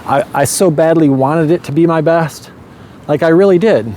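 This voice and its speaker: A man's voice: on the high side, moderate pace, warm tone, a little hiss or hum. A young man candidly telling his own life story in a casual, reflective way, often adding "you know" and small nervous laughs. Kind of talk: casual spoken memoir.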